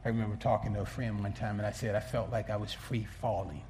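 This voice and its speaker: A male pastor preaching a sermon in an earnest way, often restarting words and swinging between soft asides and emphatic peaks. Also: on the low side, fairly even intonation, fast, slight background noise.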